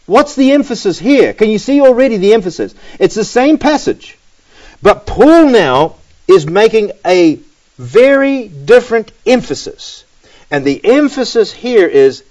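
A man preaching, reading Bible verses aloud and then explaining them with animated emphasis. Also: sits high, unhurried, poor audio. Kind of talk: Bible teaching sermon.

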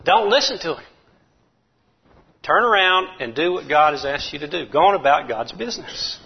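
A man's voice: on the high side, moderate pace, husky. Folksy preacher man, muffled recording. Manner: folksy, animated preaching with chuckles. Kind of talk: sermon.

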